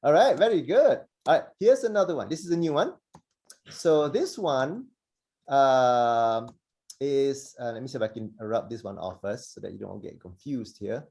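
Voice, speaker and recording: A man teaching Arabic letter pronunciation on a video call, patient and encouraging, slowly demonstrating each sound. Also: mid-range voice, lively intonation, vocal fry, darkish tone. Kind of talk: online pronunciation lesson.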